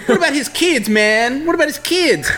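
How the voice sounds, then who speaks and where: Guy doing a wound-up store clerk ranting, high voice that jumps all over. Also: expressive, normal speed, soft background music, exaggerated voice. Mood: incredulous rant. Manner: incredulous, repeating questions loudly. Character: agitated ranting man, late-night store clerk.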